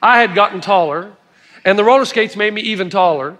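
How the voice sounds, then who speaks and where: High-voiced middle-aged male preacher. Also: fairly quick, a bit bright, big-room sound. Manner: storytelling, emphatic with audience asides. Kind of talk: sermon.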